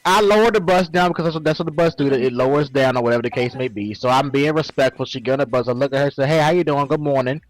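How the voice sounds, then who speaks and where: A man in his twenties co-hosting a talk show, telling a story in animated, slangy, swearing casual talk. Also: medium pitch, rapid-fire, hardly any pauses, poor audio. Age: 20s. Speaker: co-host. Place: Second Life voice chat.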